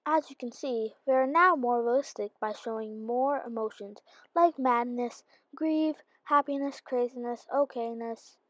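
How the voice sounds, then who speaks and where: Casting: a woman doing a robot announcer, high-pitched, slow and even. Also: dry recording, lo-fi sound. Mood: announcing. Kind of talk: role-play voicing of a game character.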